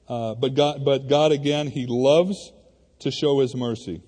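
A male pastor preaching a sermon in a church, conversational and animated, talking to the congregation like friends. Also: medium pitch, a little slow, breathy edge. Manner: conversational and animated, addressing the congregation as "you guys". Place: church sanctuary. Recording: reverberant hall.

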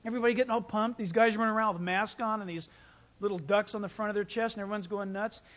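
A pastor preaching a sermon, telling stories with animated delivery and acting out quoted voices. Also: male voice, high-pitched, quick pace. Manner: animated storytelling, acts out quotes.

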